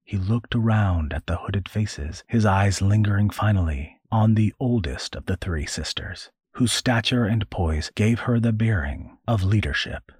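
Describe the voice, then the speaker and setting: A man reading a dark fantasy story as narrator, in a slow, measured way. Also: on the low side, husky, no echo, clean studio sound. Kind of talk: scripted narration.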